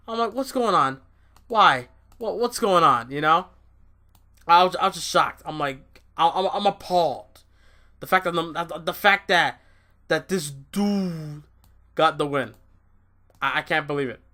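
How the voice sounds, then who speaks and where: A young man giving a casual, excitable wrestling review, repeating himself, swearing and laughing at his own points. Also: fairly high pitch, unhurried, pauses often.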